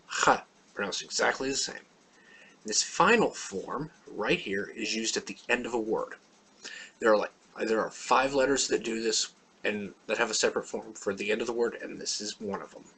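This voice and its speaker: Husky guy teaching letters, patient, says each word twice slow. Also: mid-range voice, fairly bright tone. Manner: plain, patient explaining with slow repeated words. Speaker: language teacher. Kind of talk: alphabet lesson.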